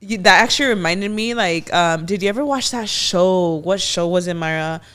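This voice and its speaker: A woman's voice: on the low side, moderate pace, fairly bright tone, clear, resonant tone. A pregnant young woman co-hosting a podcast in a studio, chatting casually with many fillers and talking to viewers. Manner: chatty, lots of "like", addresses viewers. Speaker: podcast co-host. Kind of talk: casual chat.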